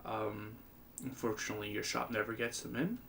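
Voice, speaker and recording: A man's voice: on the low side, fairly even intonation, fairly quick, creaky, a bit bright, a little hiss or hum. A man co-hosting a casual podcast, speaking hesitantly with many fillers and casual swearing. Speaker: podcast co-host. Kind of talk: casual chat.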